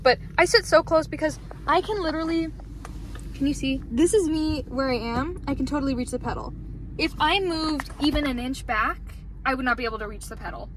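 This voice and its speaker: High-voiced young woman vlogging. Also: a little fast. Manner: chatty, swears casually, talks to the camera. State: out of breath. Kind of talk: casual vlog chat. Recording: noisy background.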